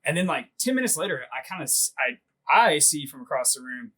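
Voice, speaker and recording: A man's voice: medium pitch, expressive, brisk, fairly bright tone, low-quality recording. A man casually telling a long story on a podcast, laughing often, swearing freely and filling his speech with "like.". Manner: laughing, profane, rambling with lots of "like". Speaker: podcast host.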